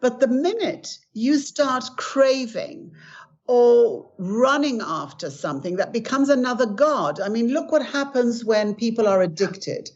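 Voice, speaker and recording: Speaking unhurriedly in a fairly high, expressive voice with a darkish tone, this older guest author shares stories and earnest lessons on spiritual acceptance. She acts out the quotes, and the lo-fi recording sounds dull.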